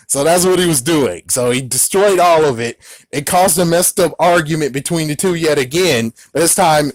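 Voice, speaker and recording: Excitable man rambling through a review. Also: fairly high pitch, no echo. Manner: excitable, rambling, full of exclamations. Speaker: movie reviewer. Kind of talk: casual movie recap.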